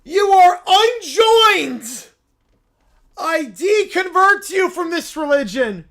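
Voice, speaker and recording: A woman voicing a furious male bear cult leader who shouts and wails melodramatically. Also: very high voice, expressive, slow, pitched above the performer's own voice, full character voice. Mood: outraged.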